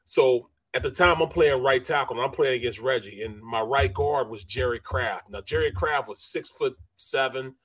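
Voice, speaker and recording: A man's voice: medium pitch, moderate pace, hardly any pauses, no room sound. A middle-aged man, a former football lineman, telling stories in casual sports-radio chat and acting out what others said. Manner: animated storyteller, acts out quotes. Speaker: co-host, former NFL lineman.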